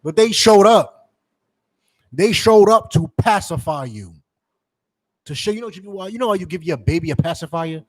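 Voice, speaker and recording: A man's voice: sits high, expressive, normal speed, long pauses. A man preaching in a fiery, mocking street-preacher style, calling on others to read scripture. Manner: heated, mocking, profane, calls for scripture readings. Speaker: preacher and teacher.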